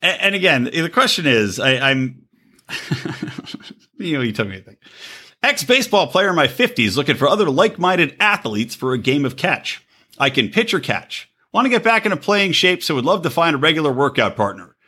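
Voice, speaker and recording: A man hosting a podcast, chatting casually and profanely, acting out quotes in high squeaky voices. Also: normal speed, husky. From Los Angeles area. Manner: animated, swearing, acts out quotes in high voices. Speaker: podcast host.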